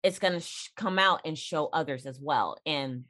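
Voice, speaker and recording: A woman's voice: low-pitched, normal speed, a bit bright. A woman guest on a podcast and mother of a toddler, talking earnestly and encouragingly in casual chat.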